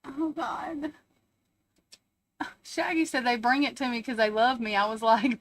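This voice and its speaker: A woman's voice: a little high, steady tone, unhurried, long pauses, no echo. A woman hosting a casual live stream from home, chatting, swearing freely, laughing often and answering her chat.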